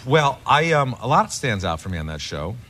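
Animated man telling a funny story. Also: mid-range voice, normal speed. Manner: animated, laughing through punchlines. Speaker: talk show guest. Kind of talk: anecdotal storytelling. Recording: noisy TV studio recording.

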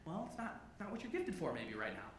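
A man's voice: a little high, huge pitch swings, a little fast, slight background noise. A man pastor preaching a sermon in a church, playful and joking with his congregation. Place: church sanctuary. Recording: echoey church sanctuary.

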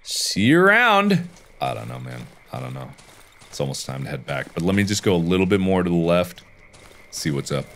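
A man hosting a horror game playthrough, talking casually and swinging from low mumbles to panicked yelps. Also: fairly quick, a little mellow. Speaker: gaming video host.

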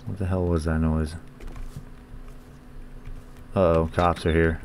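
A man's voice: sits low, flat delivery, takes it slowly, pauses often, darkish tone, a little hiss or hum. A man hosting a gaming channel, giving profane, joking let's-play commentary and talking back to the characters on screen.

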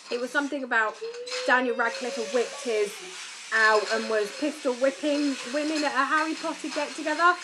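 A young British woman with an English accent chatting casually to camera about family life, lively and a bit tired. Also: high voice, brisk, background noise. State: tired from lack of sleep. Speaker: vlogger.

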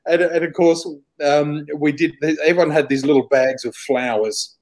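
A man, a psychic guest telling lively anecdotes, laughing often and acting out what people said. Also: on the high side, moderate pace. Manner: animated, laughs often, acts out quoted dialogue. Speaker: psychic flower reader, interview guest. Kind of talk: storytelling anecdote.

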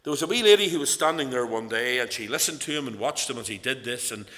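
A Northern Irish lay preacher delivers an evening sermon with earnest, storytelling emphasis. His voice sits mid-range, bright and forceful. Long reverb from the church hall trails each phrase. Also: medium pitch, expressive, fast.

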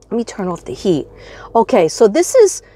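A woman's voice: medium pitch, sing-song, moderate pace, warm tone. A woman in her fifties, a retired teacher, chatting in a rambling, bubbly way on her astrology vlog, laughing often. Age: 50s. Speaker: astrology vlogger.

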